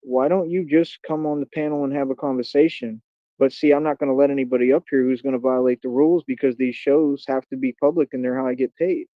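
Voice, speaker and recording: A combative man hosts his own live stream and goads his critics while looping back to the same catchphrases. His voice sits at an ordinary pitch. The sound is dry and a little dull, like a home streaming setup. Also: fairly even intonation, fast talker, dry recording. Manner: combative, taunting, repeats catchphrases. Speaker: livestream host. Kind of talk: casual live-stream rant.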